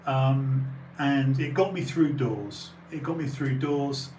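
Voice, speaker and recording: A man's voice: mid-range voice, slow pace, a little mellow. An English man hosting a live-streamed talk show, speaking candidly, swearing casually and repeating phrases for emphasis. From England. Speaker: podcast host. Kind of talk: casual conversational interview. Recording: echoey room with faint noise.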